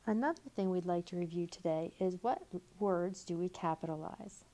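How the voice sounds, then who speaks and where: A woman teaching a recorded grammar lesson, reading example sentences slowly and deliberately. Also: fairly low pitch, dark tone. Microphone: tablet microphone.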